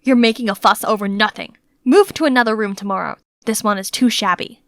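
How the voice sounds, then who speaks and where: A woman voicing a moody, reclusive young man who gives curt, commanding orders in an animated story. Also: medium pitch, fairly quick, dry recording, studio quality, pitched below the performer's own voice, close to an everyday voice. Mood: bossy. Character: moody reclusive young male master, stern and short-tempered.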